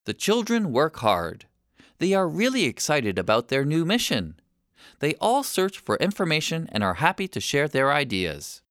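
A man narrating a children's story with an expressive reading. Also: on the high side, normal speed, no room sound, clean studio sound.

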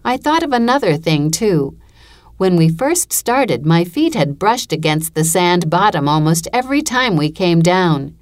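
A woman reads a first-person story aloud in a measured, even storytelling manner, as an audiobook narrator. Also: fairly low pitch.

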